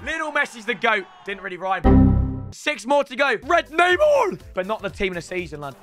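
A young man commentating his own football video game matches, excitable and sweary, ribbing his opponents. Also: high voice, normal speed. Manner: excitable, shouty, sweary banter. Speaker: gaming YouTuber. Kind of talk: live gameplay commentary. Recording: game music behind voice.

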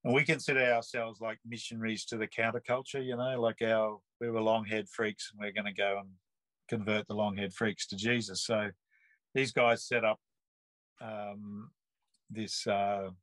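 A man's voice: on the low side, moderate pace, no echo, poor audio. A man in his sixties with an Australian accent, telling a personal story in an interview and acting out the people he quotes. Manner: lively storyteller who acts out the people he quotes.

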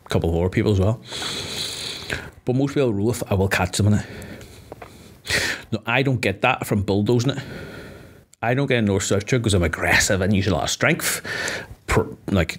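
A fairly low-voiced man, an MMA fighter, talks on a podcast in a loose, casual way. He swears freely and leans on "like" as he works through his points. His delivery stays lively and blunt. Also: brisk, long pauses.

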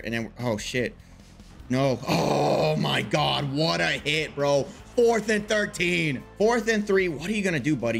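A man commentating his own video game match, casual and full of slang, muttering one moment and yelling the next. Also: mid-range voice, creaky. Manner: animated, swings from muttering to loud outbursts, casual slang. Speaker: gaming YouTuber. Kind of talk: excited live gameplay commentary.

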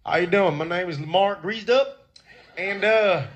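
A man's voice: sits high, unhurried, dull audio, slight background noise. A man playing a goofy, rambling good old boy dealer on a game show, with a put-on twang. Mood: folksy. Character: simple country good old boy who wrestles things.

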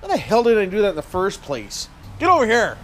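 A man's voice: high voice, wildly swooping pitch, fast talker, a bit bright, a little hiss or hum. A Canadian man vlogging in a casual, jokey, folksy way, tagging his lines with friendly asides. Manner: jokey, folksy, tags lines with "eh" and "why wouldn't I". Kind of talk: casual chat to camera.

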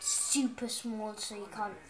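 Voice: medium pitch, measured pace. A child gaming vlogger chatting casually on a headset mic at home, rambling with lots of ums and restarts. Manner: excitable, chatty. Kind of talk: casual gaming vlog chat.

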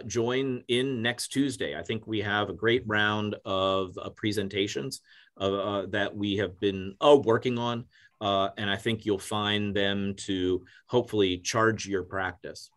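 Moderator, male, lowish voice, stumbles and repeats words, casual and friendly. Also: a bit bright. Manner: stammering, repeats words often. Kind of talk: webinar panel moderation.

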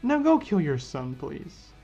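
A man's voice: fairly high pitch, very animated, slow pace, gravelly, warm tone, some chatter behind, heavily acted. A man voicing a scheming male villain scientist with mocking, politely menacing speech. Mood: smug. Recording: dull lo-fi with faint music.

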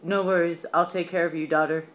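A woman's voice: fairly low pitch, little pitch movement, fairly quick, lightly acted. A student voicing a drunk, careless middle-aged father, talking in a slurred, offhand way.

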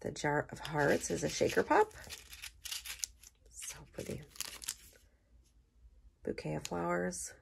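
A woman chatting casually through an unboxing, gushing with enthusiasm and dropping into soft murmured asides. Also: on the low side, expressive, moderate pace, gravelly, few pauses, slight background noise. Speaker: scrapbooking vlogger.

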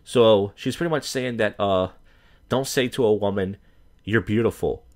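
Male open mic comic, lowish voice, profane rambling rant, lots of fillers. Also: moderate pace. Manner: crude, swears constantly, many fillers and restarts.

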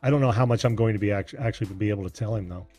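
A man's voice: on the low side, very fast, darkish tone, faint music behind. A man in his forties hosting a call-in show, easygoing and folksy, his voice a little strained from back pain. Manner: easygoing, folksy, often laughing. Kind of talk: casual chat.

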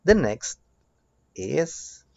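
A man with a Mexican Spanish accent teaching children English words, switching between English and Spanish and drilling them slowly with rising prompts. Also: on the high side, gravelly, no echo. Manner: slow, drawn-out drills with lively rising prompts. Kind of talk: bilingual children's English lesson. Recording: dull lo-fi sound.

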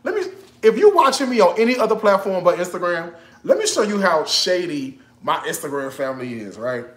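A talkative man walks viewers through a recipe on a casual cooking livestream. His voice sits a little high and swings up and down a lot as he jokes and laughs his way along. The sound carries the echo of a roomy kitchen. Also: sing-song, a little fast, fairly bright tone. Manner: chatty, joking, bursts of laughter. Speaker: cooking show host.

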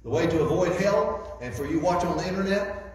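A man's voice: sits high, a little fast, darkish tone. Male preacher in an echoey church hall. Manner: folksy, repeats words while building a point. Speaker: guest preacher. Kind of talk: sermon. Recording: echoey hall, distant mic, faint noise.

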